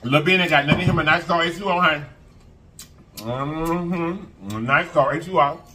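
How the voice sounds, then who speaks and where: Hosting an eating show at a moderate pace, a food vlogger with a voice on the high side hums as he tastes. He is animated and chatty, savoring with mm-hmms and calling viewers y'all and baby.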